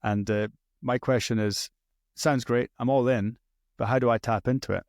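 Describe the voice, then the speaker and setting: A man's voice: medium pitch, steady tone, normal speed, no echo, clean studio sound. A man hosting a podcast, chatty and emphatic, joking with his guest. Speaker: podcast host. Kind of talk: casual interview chat.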